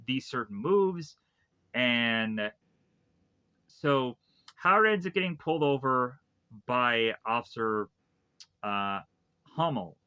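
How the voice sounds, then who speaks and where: A man's voice: mid-range voice, bright, forceful tone, clean tone, no echo. Rambling man recapping a film. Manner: rambling, many fillers and restarts. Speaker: film reviewer. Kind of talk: casual spoken movie recap.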